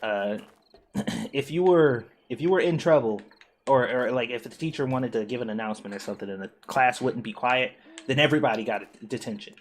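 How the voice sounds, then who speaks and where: A man streaming a co-op game, telling a school story in animated, profane casual chat with frequent laughs. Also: medium pitch, brisk, slight background noise. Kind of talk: casual chat while gaming.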